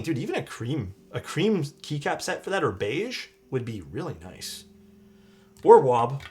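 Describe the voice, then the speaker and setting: A young man chatting loosely with viewers while building a keyboard on a live stream, rambling and swearing casually. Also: a little high.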